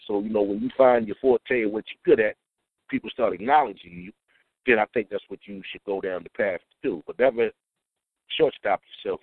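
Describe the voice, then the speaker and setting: This is a DJ from Trenton, New Jersey, an easygoing interview guest heard on a tinny, dry phone line with no room sound. His voice is on the low side, and his casual chat is peppered with "you know what I'm saying" and "man."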